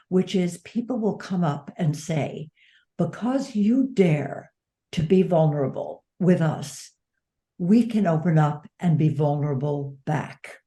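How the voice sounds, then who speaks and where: A woman with a low, mellow voice talks as an interview guest. She sounds earnest and reflective and leans on her key words. Her manner is that of an author sharing her experience as an advocate. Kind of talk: conversational interview.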